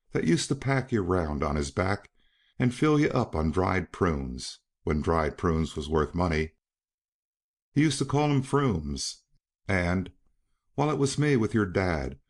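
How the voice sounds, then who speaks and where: A man's voice: sits low, exaggerated voice. A man voicing a blunt older cowman who talks in a whimsical, folksy drawl. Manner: drawling, folksy frontier talk.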